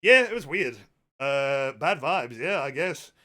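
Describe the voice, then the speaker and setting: A man's voice: mid-range voice, lively intonation, slow pace, sharp tone. A man chatting casually to his viewers while playing a game, telling rambling stories and swearing a lot. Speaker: game streamer. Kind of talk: casual live-stream chat while gaming.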